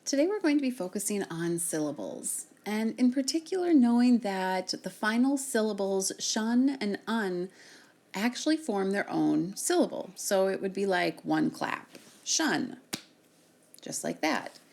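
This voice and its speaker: A woman teacher giving a recorded reading lesson, sounding out words slowly and clearly for her students. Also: medium pitch, big pitch swings, darkish tone.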